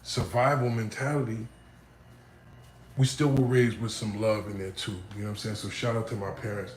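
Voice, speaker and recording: A man casually telling his life story, often checking in with the listener, growing animated when he acts out other people. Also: lowish voice, moderate pace, echoey room, a little hiss or hum, poor audio. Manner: conversational, frequent "you know what I'm saying", animated when quoting others. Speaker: vlogger.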